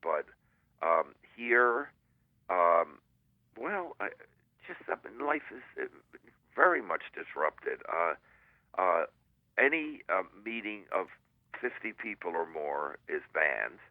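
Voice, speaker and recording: An older man chatting on a radio show in a rambling, halting way, full of fillers and corny jokes. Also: sits low, big pitch swings, no echo. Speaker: guest columnist. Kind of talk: casual radio chat over the phone. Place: at home in San Diego. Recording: tinny dry phone line.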